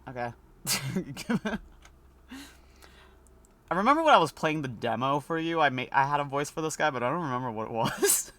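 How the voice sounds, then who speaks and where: A man's voice: fairly high pitch, expressive, normal speed, long pauses, a bit bright. A man streaming a video game, reading the dialogue aloud and joking between lines. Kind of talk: let's play commentary.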